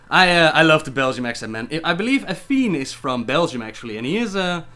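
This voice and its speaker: Guy doing a casual live q&a, reads out chat questions and rambles an answer, voice a bit on the high side, faint music under it. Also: sing-song, fast, few pauses, pushed and bright. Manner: reads viewer questions aloud then answers them chattily. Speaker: gaming lore livestreamer. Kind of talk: casual livestream Q&A.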